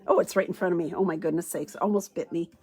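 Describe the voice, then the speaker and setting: A woman's voice: on the low side, steady tone, fast, warm tone. A woman giving a chatty card-stamping tutorial, thinking aloud as she works. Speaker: stamping demonstrator. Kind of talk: craft tutorial demo.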